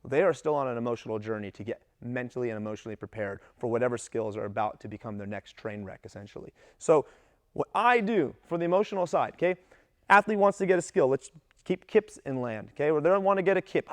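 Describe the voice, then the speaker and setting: A man coaching gymnastics coaches in a casual talk, lively and acting out what his athletes say. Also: mid-range voice, fast talker, no room sound. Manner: animated, acts out athletes' voices in quotes.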